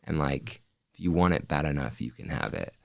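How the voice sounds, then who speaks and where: A man's voice: rumbling low, gravelly, darkish tone, no room sound, clean studio sound. A young man hosting a podcast, reacting with enthusiasm and using "like" often in casual chat. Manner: enthusiastic, quick reactions, filler "like". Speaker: podcast host.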